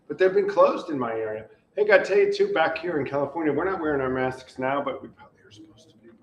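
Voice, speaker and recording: A man's voice: medium pitch, a little hiss or hum. Rambling, jokey man in a roomy space. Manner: rambling, jokey and self-deprecating. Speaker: recovery show host. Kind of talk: casual live-stream chat. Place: retreat center in California. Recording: roomy, dull live-stream sound.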